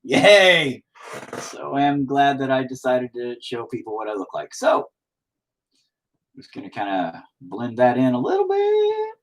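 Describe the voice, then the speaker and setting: Lively, self-mocking man painting on stream. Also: medium pitch, moderate pace, poor audio. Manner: rambling, self-mocking, swears often. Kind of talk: casual live-stream chat.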